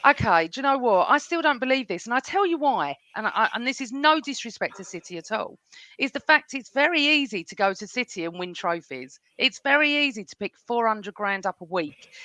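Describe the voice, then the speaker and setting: A woman's voice: mid-range voice, pushed and bright, dry recording. A woman hosting a casual football fan chat, talking at length and often addressing her guests by name. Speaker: host.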